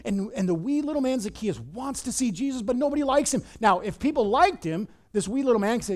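A male pastor preaching a sermon, telling a story in an animated, emphatic way. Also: high-pitched, fast, few pauses.

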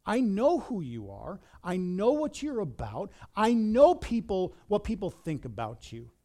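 A man voicing a calm, welcoming male teacher figure in a soft, tender, slow way within a sermon. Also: high voice.

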